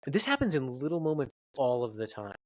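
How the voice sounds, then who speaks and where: A man's voice: mid-range voice, very animated, fast, darkish tone, no room sound, poor audio. A man, a researcher guest on a podcast interview, explaining his work in an earnest, explanatory way.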